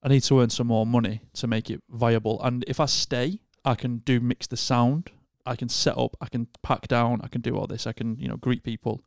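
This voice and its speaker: A man's voice: mid-range voice, level tone, a little fast, gravelly, few pauses, no echo, studio quality. A man, co-hosting a podcast and telling a long story in casual chat, with lots of restarts. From Northern England. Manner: rambling storyteller with many restarts. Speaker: podcast co-host.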